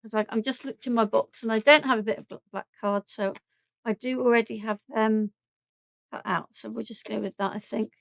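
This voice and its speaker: A woman's voice: fairly high pitch, steady tone, fairly quick, vocal fry, no room sound. A woman with a southern English accent chatting through a live craft demonstration, thinking aloud and joking at her own mess as she works. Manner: chatty and self-deprecating, thinking aloud while working.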